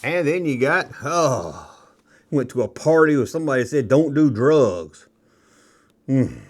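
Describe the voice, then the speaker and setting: A middle-aged man hosting a nostalgia toy video, rambling casually and joking, slipping into quick kid impressions. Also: mid-range voice, sing-song. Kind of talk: casual rambling show-and-tell commentary.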